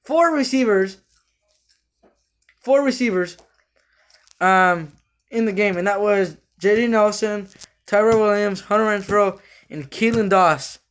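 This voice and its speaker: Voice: medium pitch, a little slow, pauses often. Rambling frustrated sports fan ranting. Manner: many fillers and restarts. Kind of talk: casual fan rant.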